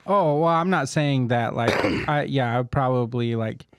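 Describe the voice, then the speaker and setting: A man's voice: mid-range voice, moderate pace, noisy background. A man guesting on a comedy podcast, answering crude jokes with hesitant, earnest asides. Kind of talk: casual comedic banter.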